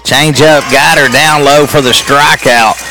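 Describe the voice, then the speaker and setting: Homem narrando jogo de softbol ao ar livre, com música ao fundo. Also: male voice, music in the background. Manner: rapid excited calls, pitch jumps high on big plays. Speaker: play-by-play announcer. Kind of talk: live softball play-by-play.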